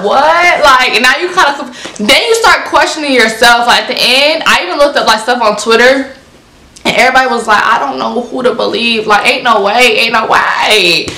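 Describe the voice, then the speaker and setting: Chatty, bright-voiced young woman reviewing books. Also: a little high, echoey room. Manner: animated, repeats herself, lots of "like". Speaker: book reviewer. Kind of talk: casual book review vlog.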